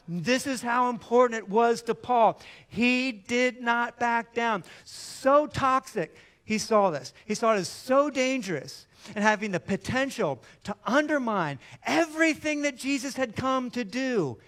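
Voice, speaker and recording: A man with a fairly high voice preaches to his church. He talks casually and with energy, and acts out short back-and-forth exchanges to make his point. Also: measured pace. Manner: animated, conversational preaching with mock dialogue. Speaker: pastor. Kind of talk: sermon.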